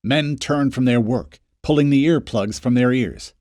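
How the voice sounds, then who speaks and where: A man narrating an audiobook in a scripted, expressive reading. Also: medium pitch, a little slow, no echo, clean studio sound.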